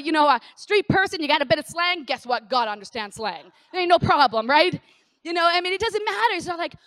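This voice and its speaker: Woman, middle-aged, pastor, sermon, conversational, animated, high-pitched. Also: no echo, studio quality. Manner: animated, conversational preaching with repeated phrases.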